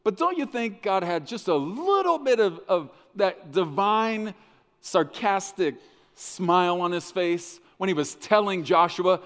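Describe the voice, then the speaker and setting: Male pastor, sermon, lively pitch, dramatic loud and hushed swings, long hall reverb. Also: a little slow. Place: church hall.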